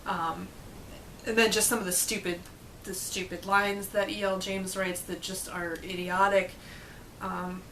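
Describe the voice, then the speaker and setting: A woman's voice: medium pitch, level tone, a little slow, a bit bright, a little hiss or hum, poor audio. A young woman chatting casually to camera about a book, blunt, sarcastic and swearing freely. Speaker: book reviewer vlogger.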